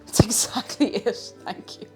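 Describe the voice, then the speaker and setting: A woman's voice: moderate pace, warm tone, soft background music. An Irish woman streaming casually while she cooks, chatty and a bit scatterbrained, humming little tunes between thoughts. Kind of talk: casual live-stream chat while cooking.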